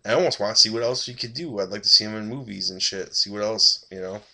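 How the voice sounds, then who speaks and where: A man's voice: lowish voice, quick pace, creaky, pushed and bright. A tired man giving a rambling, blunt and profane casual review of a TV episode.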